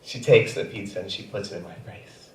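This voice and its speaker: A man in his thirties doing a stand-up set, self-mocking and often dropping into quiet asides. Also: sits low, brisk, very noisy. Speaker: stand-up comedian. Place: comedy theater stage. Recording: echoey theater, far from mic.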